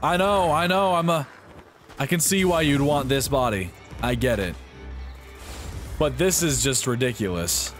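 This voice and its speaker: A young man giving live gameplay commentary, excitable and often yelping and swearing at enemies. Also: mid-range voice, measured pace, long pauses, faint music behind. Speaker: streamer.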